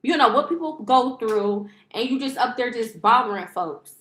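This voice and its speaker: High-voiced woman ranting in an echoey room. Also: animated, moderate pace, fairly bright tone. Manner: rambling, profane, frequent fillers and restarts. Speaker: lifestyle vlogger and livestreamer. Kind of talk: casual storytime rant.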